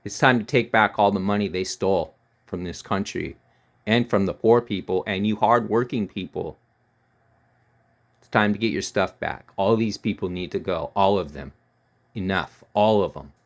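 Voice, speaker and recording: A man with a low, gravelly voice rants in heated political commentary. He sounds scornful and keeps hammering the same words. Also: moderate pace. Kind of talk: angry ranting commentary.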